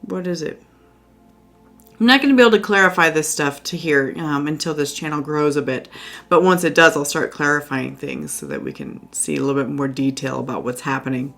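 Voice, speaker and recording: Woman, lowish voice, casual tarot reading, chatty and reassuring, faint music behind. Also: brisk, gravelly, a bit bright. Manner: chatty and reassuring, many fillers. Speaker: tarot reader. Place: indoors at home by a window.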